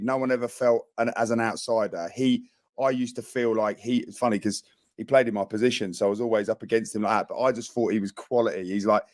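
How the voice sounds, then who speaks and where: A man's voice: mid-range voice, darkish tone, no echo. A British man, a former footballer, rambling through a story on a podcast and often repeating himself. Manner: rambling, repeats words as he talks. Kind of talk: casual chat.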